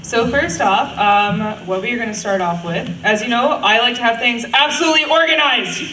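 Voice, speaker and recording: A woman's voice: on the high side, brisk. A young woman hosting a fan cosplay panel at a convention, upbeat and playfully bossy, laughing often. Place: large echoey convention hall. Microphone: handheld mic, heard from a distance. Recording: echoey hall from far off, loud noise.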